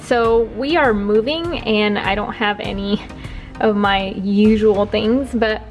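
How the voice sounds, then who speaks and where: Casual kitchen vlog read: young woman, chatty and loose, self-correcting, soft music under. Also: medium pitch, slow pace. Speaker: holistic health coach and vlogger. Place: home kitchen, indoors.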